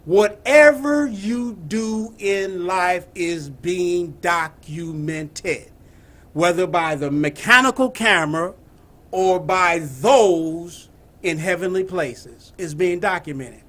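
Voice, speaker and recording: A man giving a spiritual message, slow and emphatic, repeating his phrases. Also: sits high, fairly bright tone. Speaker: spiritual teacher.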